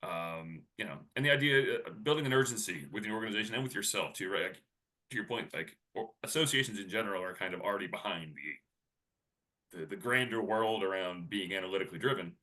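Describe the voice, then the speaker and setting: Guy rambling thru a webinar on a call mic, kinda low voice but bright and tense. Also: lively intonation, brisk. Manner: chatty, rambling with many fillers and restarts. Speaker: webinar co-presenter. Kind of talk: casual webinar talk.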